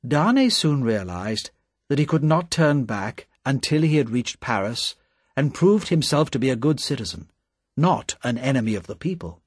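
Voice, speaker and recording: A man narrating a story in a calm, measured reading voice with a husky tone. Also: mid-range voice, no room sound, studio quality.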